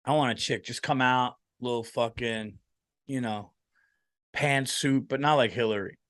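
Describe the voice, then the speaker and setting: A man's voice: mid-range voice, a little slow, fairly bright tone, no echo, clean studio sound. A tired man hosting a comedy podcast, rambling and swearing freely in a casual monologue. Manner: profane, rambling, lots of fillers.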